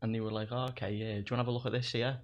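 A man's voice: medium pitch, level tone, very fast, dull audio. A young man, a comedian guest on a podcast, telling stories in casual chat, swearing freely and laughing as he goes. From England. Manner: laughs through his stories, swears a lot.

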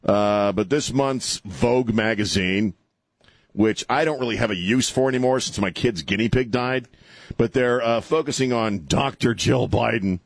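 A man's voice: mid-range voice, moderate pace, vocal fry, no room sound. A man hosting an opinionated political talk show, sarcastic and mocking, rambling with many fillers.

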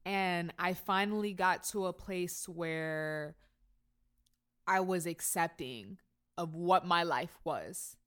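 Woman, slow reflective talker, lowish voice. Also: a bit bright. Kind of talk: casual chat.

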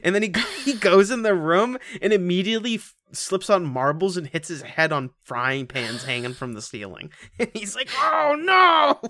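Man, podcast co-host, casual chat, crude, excitable, dry recording. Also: moderate pace, dry recording. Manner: excitable, crude, acts out quotes in a high voice.

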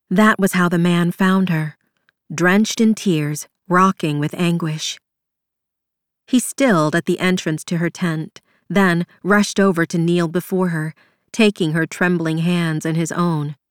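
A woman reads fantasy fiction aloud in a slow, measured, somber voice. Her voice sits on the lower side, and the recording is dry and close with no room sound. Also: steady tone, clear, resonant tone, no echo. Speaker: audiobook narrator. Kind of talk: scripted narration.

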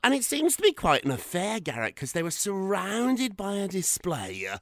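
A man's voice: high voice, huge pitch swings, moderate pace, fairly bright tone, no echo, studio quality. Bubbly British man hosting a show. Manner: bubbly, giggly, theatrical. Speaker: radio show host. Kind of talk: lively celebrity news chat.

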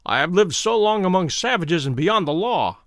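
A man voicing a fierce, menacing middle-aged explorer in a dramatic audiobook reading, with forceful, indignant outbursts. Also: sits high, expressive, moderate pace, no echo, clean studio sound. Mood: threatening.

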